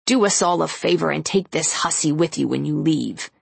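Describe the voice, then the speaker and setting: A woman voicing a spiteful, snide old woman in an audiobook, sneering and insulting, with a low, gravelly voice. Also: normal speed, no echo, full character voice.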